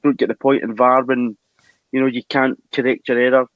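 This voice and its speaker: A man co-hosting a casual football podcast, calm and unworried in his talk. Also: medium pitch, a little fast, no room sound, lo-fi sound. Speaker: podcast co-host.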